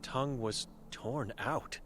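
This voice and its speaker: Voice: medium pitch, slow pace, a bit bright. A voice actor playing a blind, mute old woman hermit in a video game, speaking in terse, broken, solemn sentences. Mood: grim. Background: game music.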